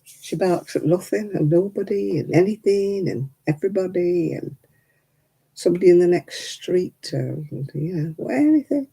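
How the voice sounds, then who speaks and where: Old lady in her 70s, gravelly raspy voice, dark and rambly, chatting away on her craft stream. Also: lowish voice, unhurried, rough recording. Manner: rambling, chatty, chuckling storyteller. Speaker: crafting livestream host. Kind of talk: casual chat.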